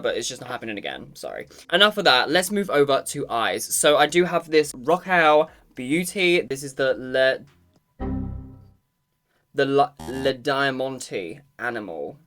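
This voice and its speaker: Campy male beauty vlogger, mid-pitched, sassy and foul-mouthed, talking straight to camera. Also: a bit bright. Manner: sassy, campy and profane, calls the viewer "girl". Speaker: makeup vlogger. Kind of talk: casual makeup review to camera.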